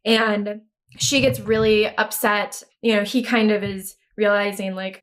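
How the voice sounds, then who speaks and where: A podcast co-host retells a movie plot in casual conversation, bluntly swearing, laughing often and acting out the lines. Her voice is medium-pitched and a bit bright, with little pitch movement and an unhurried pace.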